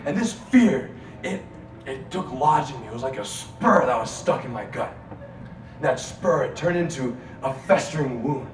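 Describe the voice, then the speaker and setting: A man giving an inspirational speech to a live audience in a student lounge, rousing the crowd into call-and-response chants and swinging between loud and hushed delivery. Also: mid-range voice, lively intonation, normal speed. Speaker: motivational speaker. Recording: roomy, distant mic, audience and room noise.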